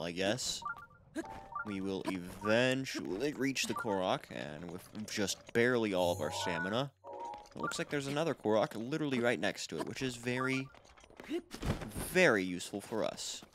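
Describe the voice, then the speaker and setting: A low-voiced man narrating his own gameplay in a loose, rambling way, poking fun at himself as he goes. Game music plays clearly underneath his talk. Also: lively intonation, moderate pace. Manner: rambling, self-deprecating, talks to viewers. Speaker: let's play host. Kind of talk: casual gameplay commentary.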